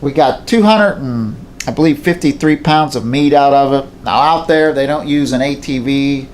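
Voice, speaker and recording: A man's voice: mid-range voice, normal speed. Man, mid-range voice, plain folksy yarn-spinner who circles back on his words, light background hiss. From southwestern Pennsylvania. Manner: plainspoken, folksy, repeats himself. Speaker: hunter telling a story. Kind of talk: casual storytelling to camera. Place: indoors at home beside a mounted moose.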